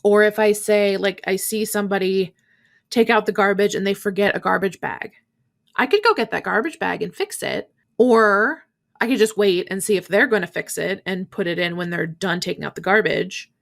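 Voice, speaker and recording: A woman's voice: medium pitch, moderate pace, gravelly. A woman in her thirties hosting a podcast alone, talking in a chatty, candid way with many fillers. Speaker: podcast host. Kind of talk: casual solo podcast talk.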